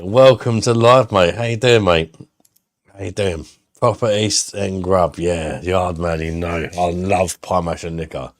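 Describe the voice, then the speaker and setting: Studio-quality audio with no echo carries a fairly low male voice. He's a beer reviewer running a live stream: casual, blunt, and sweary, frequently laughing and reading chat messages out loud.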